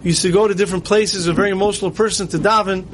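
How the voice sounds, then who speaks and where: Man, high voice, sermon storyteller, faint traffic hum behind. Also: steady tone, very fast, low-quality recording. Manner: storytelling, acting out quoted lines with rising emotion. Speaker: rabbi giving a talk.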